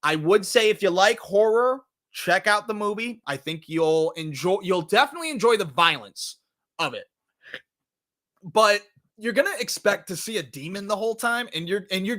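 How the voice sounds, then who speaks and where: Excitable guy doing movie reviews, high voice all over the place, cusses a lot. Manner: animated, jokey, profane, acts out scenes in put-on voices. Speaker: podcast host reviewing movies. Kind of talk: casual movie review chat.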